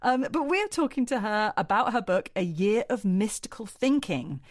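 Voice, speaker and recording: A woman's voice: mid-range voice, sing-song, moderate pace, no room sound, studio quality. A woman co-hosting a podcast, bubbly and jokey, laughing often as she chats and introduces a guest. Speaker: podcast co-host. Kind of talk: casual chat and introducing a guest.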